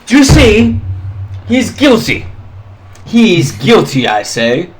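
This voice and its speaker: A snooty, arrogant nobleman , as a game master puts him on, whose voice climbs high above a normal speaking register when he gets defensive. He sounds lofty and dismissive, as in a tabletop role-playing game. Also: big pitch swings, slow, full character voice. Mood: indignant.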